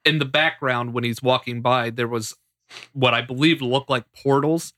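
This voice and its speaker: A man's voice: medium pitch, fairly even intonation, normal speed, pushed and bright, dry recording, clean studio sound. A man co-hosting a casual podcast who sounds eager and laughs often. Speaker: podcast co-host. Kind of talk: casual chat.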